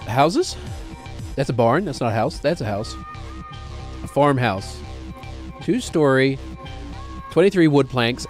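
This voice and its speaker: A man streaming a game, rambling and joking to himself as he plays. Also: mid-range voice. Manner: rambling, jokey, talks to himself while playing. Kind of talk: casual gameplay commentary.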